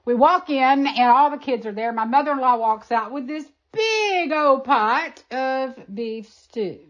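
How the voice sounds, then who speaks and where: A woman being interviewed, telling a personal story in an animated, emphatic way. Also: sits high, measured pace, lo-fi sound. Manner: animated, emphatic, acts out quoted voices.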